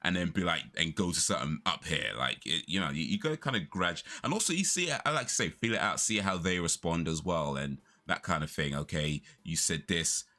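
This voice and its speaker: A man's voice: low voice, expressive, brisk, hardly any pauses, sharp tone. A young man chatting casually on a live stream, rambling through stories and laughing often.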